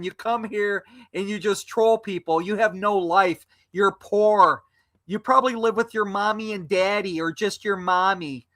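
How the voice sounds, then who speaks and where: Speaking in a high, slightly bright voice, a man guesting on a live stream lashes out at a troll on a video call. The argument is heated, and he's angry, insulting, and repetitive.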